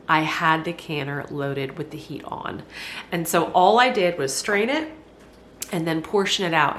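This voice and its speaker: A woman with a deep, fairly bright voice, stuffy from congestion, talks folksily to viewers as she cooks at home. It's a casual cooking demonstration for her homesteading vlog, with slight background noise.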